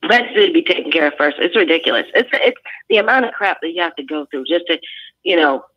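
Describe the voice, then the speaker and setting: A woman's voice: fairly low pitch, lively intonation, fast talker, husky, dull audio. A woman veteran from California, speaking as a guest on a talk show in earnest bursts, often restarting her sentences. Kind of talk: phone-in talk show interview.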